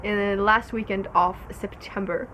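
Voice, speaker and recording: A woman's voice: mid-range voice, fairly even intonation, normal speed, fairly bright tone, slight background noise. A young woman from Norway, hosting a casual knitting podcast in a rambling, giggly way, full of fillers. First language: Norwegian. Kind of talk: casual solo podcast chat.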